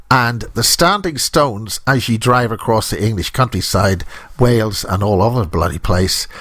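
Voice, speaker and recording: A man's voice: medium pitch, fairly bright tone, dry recording. A middle-aged man hosting a radio show in a studio, rambling and joking as he drifts from topic to topic, close to the microphone. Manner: jokey, digressive, self-interrupting. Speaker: radio host.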